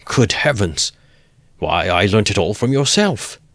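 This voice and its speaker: A man's voice: lowish voice, very animated, unhurried, fairly bright tone, no echo. A man reading aloud as a sly, ironical middle-aged investigator, needling with good-humoured questions.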